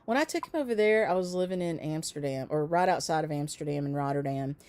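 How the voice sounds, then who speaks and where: A woman's voice: deep voice, quick pace, darkish tone, dry recording. A middle-aged woman, hosting a stitchery shop livestream in a chatty, rambling way and laughing often. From United States. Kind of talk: casual chat.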